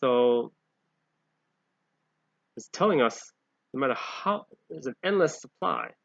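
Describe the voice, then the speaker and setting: A man's voice: medium pitch, lively intonation, slow, no echo. A man reading Bible passages aloud and explaining them as a lay preacher, often growing emphatic. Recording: dull, lo-fi home recording.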